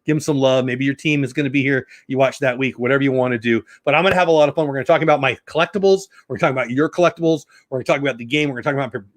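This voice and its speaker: A man's voice: on the high side, dry recording. A middle-aged man hosting a casual live stream, chatting and greeting viewers by name. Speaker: YouTube live stream host.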